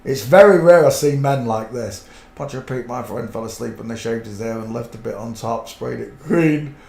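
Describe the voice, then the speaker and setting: A middle-aged man from a fishing town hosts a livestream, telling rambling, colloquial anecdotes in casual chat. His medium-pitched voice is gravelly and a little mellow at a moderate pace, with a roomy echo.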